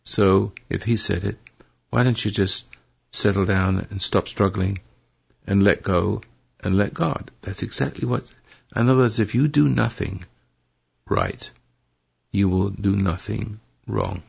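Gravelly older man preaching on radio. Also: lowish voice, unhurried. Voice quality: gravelly, husky. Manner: rambling, preachy, self-correcting. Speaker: radio talk show host. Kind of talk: advice to a caller on a call-in show. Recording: dull lo-fi radio broadcast.

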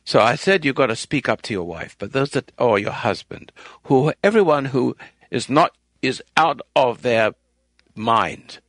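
A man hosting a call-in radio advice show who lectures listeners emphatically, rambling with restarts and swinging between a firm, loud voice and a soft, quiet one. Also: mid-range voice, lively intonation, a little slow, dry recording.

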